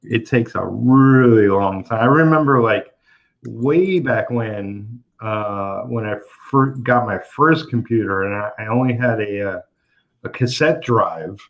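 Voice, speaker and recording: Heard over muffled, lo-fi call audio, a man with a lowish, somewhat slow voice chats while working on his comics for his channel. He rambles through easygoing stories, laughing often and leaning on fillers.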